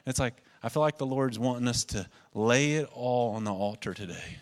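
A man's voice: medium pitch, moderate pace. Pastor guy preaching a sermon, earnest and emotional, repeats himself for emphasis.

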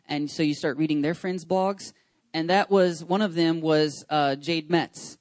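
Pastor, man, 30s, chatty and eager, slightly raised pitch, dry close sound. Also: measured pace, no echo. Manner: chatty, rambling with many fillers and restarts; enthusiastic, excitable. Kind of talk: casual church announcements. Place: church service.

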